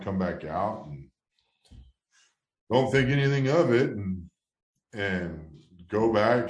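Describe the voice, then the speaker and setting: A man in his thirties, a former ballplayer telling a story in a casual interview, rambling with many restarts. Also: reverberant. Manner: rambling, many restarts, low-key then excited. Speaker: former baseball player, guest.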